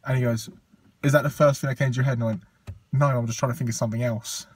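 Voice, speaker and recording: A man's voice: mid-range voice, racing, husky. Young man telling a story. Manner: animated anecdote, acts out quotes, swears freely. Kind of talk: casual podcast chat.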